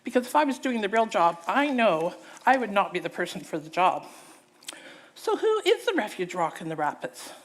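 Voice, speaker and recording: In a church, a woman preacher delivers a sermon at a normal pace in a medium-pitched voice. She acts out a story using theatrical voices, drawing her listeners in with an animated, engaging manner.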